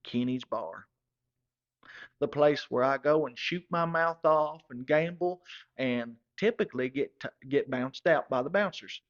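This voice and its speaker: A man's voice: medium pitch, a little slow, highs cut off. Drawling man telling a story. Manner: rambling, drawling, self-correcting. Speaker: comedic storyteller in character. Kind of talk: comedic monologue.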